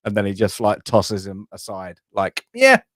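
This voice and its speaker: A man talking through a film scene in a loose, rambling way, stopping and restarting his thoughts often. His voice sits on the low side and sounds close and dry, with no room around it. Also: flat delivery, moderate pace, a little mellow, no echo. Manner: rambling, hesitant, many restarts. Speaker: podcast co-host. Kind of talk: casual film review chat.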